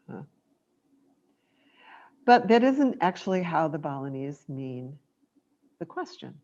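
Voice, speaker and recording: A woman with a low voice gives a dharma talk as a meditation teacher. She speaks gently and reflectively, taking her time. The recording is dull and lo-fi. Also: lively intonation, measured pace, pauses often, slight background noise.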